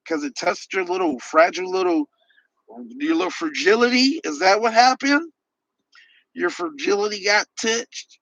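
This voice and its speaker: A podcast host with a high, bright voice and lively intonation reads live chat on a livestream, answering messages with sarcastic, mocking rants at normal speed. It's heated commentary, recorded lo-fi with no room sound.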